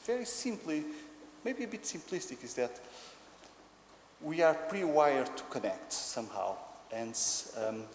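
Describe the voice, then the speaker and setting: A man with a Portuguese accent giving a conference lecture, explaining hesitantly with many ums. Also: mid-range voice. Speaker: conference speaker. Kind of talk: academic lecture. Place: conference hall. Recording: echoey hall with faint noise.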